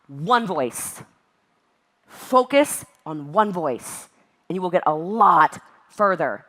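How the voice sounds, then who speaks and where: A woman giving an emphatic, animated motivational talk at a virtual event. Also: fairly low pitch, slow, pauses often. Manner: emphatic and animated, acts out exasperated voices. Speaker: network marketing speaker.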